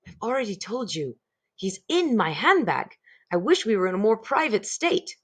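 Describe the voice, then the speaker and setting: A woman reading aloud, voicing a kind, patient elderly grandmother who speaks gently and calmly. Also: medium pitch, normal speed, slightly rough, pitched above the performer's own voice. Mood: firm. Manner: gentle, composed.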